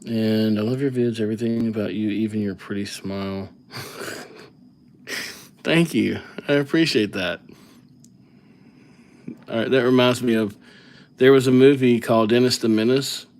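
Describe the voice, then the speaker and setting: A man's voice: on the low side, steady tone, unhurried, long pauses, a little mellow. A man hosting a live calligraphy stream, chatting casually and rambling as he thinks aloud between names. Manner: rambling, easygoing, thinks aloud while writing. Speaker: livestream calligraphy host.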